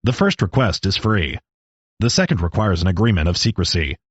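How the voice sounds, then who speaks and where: Man playing an old joking rattlesnake, storybook, husky, lively pitch, muffled dry take. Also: fairly quick, no room sound. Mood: wry calm. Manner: calm, explaining, dry jokes. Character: wry old male talking rattlesnake. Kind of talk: storybook reading.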